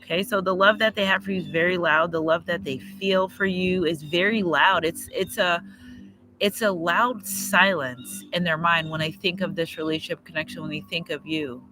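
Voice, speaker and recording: A man's voice: high-pitched, steady tone, normal speed, music in the background, poor audio. A man doing a casual livestream tarot reading outdoors. He is chatty and repetitive, and he gets emotional as he talks. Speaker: tarot reader. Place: outdoors near trees and a road.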